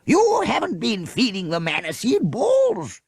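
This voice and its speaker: A man voicing a pompous, blustering male leader of a fox hunt in an audiobook story, with loud, drawn-out outbursts. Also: high-pitched, wildly swooping pitch, slightly rough, no room sound, studio quality, voice pushed up, exaggerated voice. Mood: indignant. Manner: loud, drawn-out, indignant exclamations. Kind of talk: storybook character voice.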